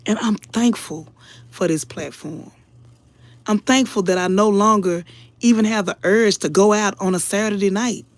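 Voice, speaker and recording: Woman commentator, casual live chat, earnest and preachy, emotional, middle pitch, dry close sound. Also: moderate pace, no echo. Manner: earnest, preachy, keeps addressing the audience as y'all. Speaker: online commentator.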